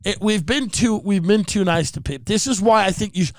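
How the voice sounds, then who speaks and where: A man's voice: high voice, a little fast, no echo. A man hosting a podcast, delivering a sarcastic, profane comedic rant. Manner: sarcastic, profane, impersonates people mid-rant. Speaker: podcast host.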